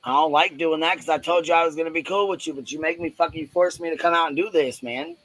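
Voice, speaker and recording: A man's voice: fairly high pitch, quick pace, a bit bright, no room sound, poor audio. Blunt, profane male panel host. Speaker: host of a live audio panel. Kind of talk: heated live-stream rant.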